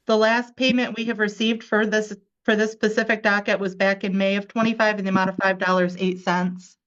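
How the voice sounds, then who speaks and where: A woman's voice: mid-range voice, flat delivery, brisk, lo-fi sound. Matter-of-fact female court clerk. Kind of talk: reporting records.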